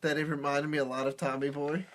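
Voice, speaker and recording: A man's voice: fairly high pitch, little pitch movement, fast talker, a bit bright. Casual man joining a podcast chat.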